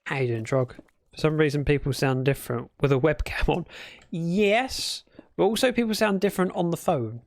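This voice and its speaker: Speaking at a moderate pace with no room sound, this Briton has a voice on the high side. He's streaming a game live, chatting in a loose, playful, meandering way and fixing his own words as he goes.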